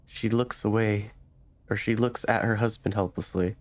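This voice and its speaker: A man's voice: fairly low pitch, steady tone, moderate pace, a little mellow. A man hosting a let's play, reading game text aloud unhurriedly, with hesitant fillers between passages.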